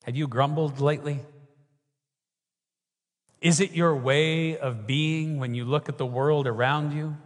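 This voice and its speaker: High-pitched guy preaching, lots of questions to the crowd, echoey church hall. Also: steady tone, a little slow, pauses often. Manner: emphatic preaching, rhetorical questions to the congregation. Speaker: pastor. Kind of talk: sermon. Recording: long reverb of a large hall.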